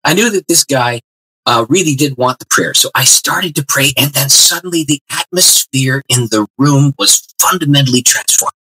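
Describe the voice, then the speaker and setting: Over a rough recording, a man appearing as a guest pastor on an interview show recounts something from his life, voicing the dialogue in an expressive, lively way. He speaks at medium pitch and normal speed, with a breathy edge.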